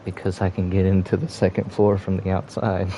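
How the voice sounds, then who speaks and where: Young man, game streamer, very low gravelly voice, dark tone, laid-back commentary, hums between plays. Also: monotone, normal speed, a little hiss or hum. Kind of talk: casual gameplay commentary.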